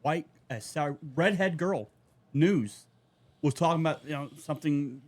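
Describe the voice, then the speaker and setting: He's a podcast co-host whose voice sits on the high side at a moderate pace. The chat is casual, and he goes off on profane rants and lively tangents.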